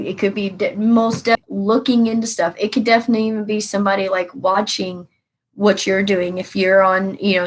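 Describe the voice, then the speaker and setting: A woman's voice: mid-range voice, low-quality recording. Earnest rambling woman tarot reader. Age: adult with children. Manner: earnest, rambling and repetitive, with emphatic advice. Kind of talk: casual spoken tarot reading to viewers.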